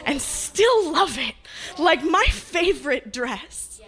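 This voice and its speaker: A woman's voice: sits high, big pitch swings, slow pace, fairly bright tone. A woman performing a spoken word poem with an impassioned, rhythmic delivery.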